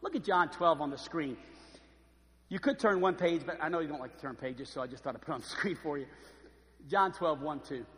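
A man preaching a sermon, telling lively stories and acting out the voices of the people in them. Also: on the high side, fairly quick, in a large hall. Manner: animated storytelling, acts out voices. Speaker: pastor. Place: church.

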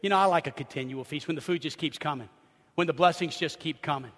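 A man preaching a sermon as pastor, telling humorous, animated stories with bursts of laughter. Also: fairly high pitch, quick pace. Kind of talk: lively sermon storytelling. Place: church sanctuary. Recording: hall reverb in a church.

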